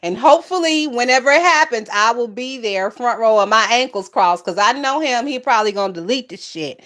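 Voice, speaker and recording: A woman's voice: fairly high pitch, animated, brisk. A woman hosting a casual gossip livestream, reading viewer comments and laughing often. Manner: laughs often, loud and amused.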